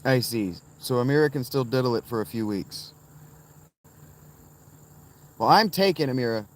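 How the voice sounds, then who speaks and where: A man with a mid-range, animated voice speaks at a moderate pace while livestreaming from inside a tent. He answers people in the chat by name, rambles casually, and suddenly slips into sing-song chanting.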